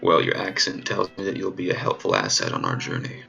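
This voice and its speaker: A man playing a tabletop game, trading dry, quick one-liners. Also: low-pitched, big pitch swings, vocal fry, bright, forceful tone, muffled recording, faint music behind. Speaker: player.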